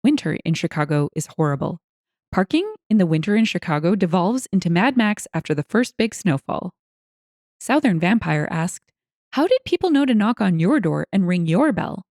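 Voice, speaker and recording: Lively woman narrating stories. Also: on the low side, normal speed, no echo, clean studio sound. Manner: lively, expressive reading with wry asides. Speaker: storyteller reading online stories. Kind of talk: scripted narration.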